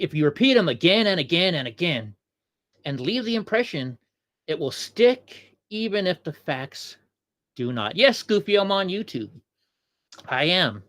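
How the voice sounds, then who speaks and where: A man's voice: high voice, a bit bright. A man hosting a livestream show, giving heated, rambling political commentary, repeating himself and answering viewers in the chat. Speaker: host.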